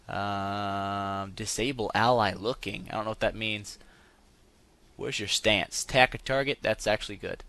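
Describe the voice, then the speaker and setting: A young man hosting a gaming channel, giving excitable let's-play commentary and yelping when things go wrong. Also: on the low side. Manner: excitable, yelps and laughs when in trouble.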